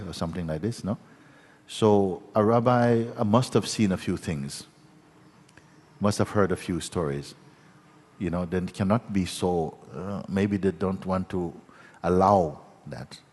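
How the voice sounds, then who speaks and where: A man with a very low, husky voice leads a satsang, telling his story gently and meanderingly, full of restarts and little tag questions. His voice rings out in a big hall with a long reverb. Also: a little slow. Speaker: spiritual teacher. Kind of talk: satsang talk.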